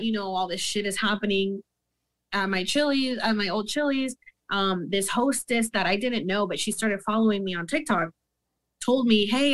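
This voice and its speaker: A woman's voice: mid-range voice, fairly bright tone. A young woman telling a story in a casual interview, heated and profane, acting out quoted dialogue. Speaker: guest.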